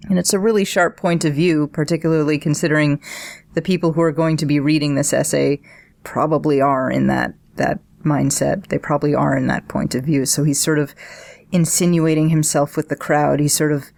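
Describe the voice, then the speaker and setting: A woman co-hosting a podcast, talking through satire in an animated, analytical way. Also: sits low, normal speed, creaky. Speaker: podcast co-host. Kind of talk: casual podcast discussion.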